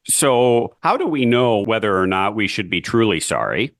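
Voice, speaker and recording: Deep-voiced questioning man. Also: expressive, moderate pace, hardly any pauses, a bit bright, no room sound, studio quality. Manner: curious, poses questions and scenarios. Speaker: podcast co-host, band teacher. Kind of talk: advice podcast discussion.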